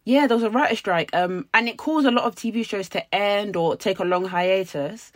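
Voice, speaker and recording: A woman's voice: mid-range voice, moderate pace, dry recording, studio quality. A woman, co-hosting a podcast in casual chat and telling stories with animation. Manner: chatty, animated storytelling. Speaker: podcast co-host.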